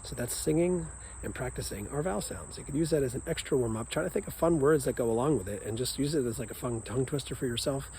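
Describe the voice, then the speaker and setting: An upbeat man leads children through a vocal warm-up, now and then singing long vowel sounds. He talks at a middle pitch, recorded outdoors with faint crickets and hum behind him. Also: quick pace, poor audio. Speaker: music teacher. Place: outdoors at a nature center.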